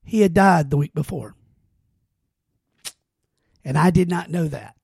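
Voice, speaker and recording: Gravelly high-voiced man telling stories. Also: a little slow, a little mellow, no echo, clean studio sound. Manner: earnest rambling storyteller, many restarts. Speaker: podcast host. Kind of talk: casual heartfelt conversation.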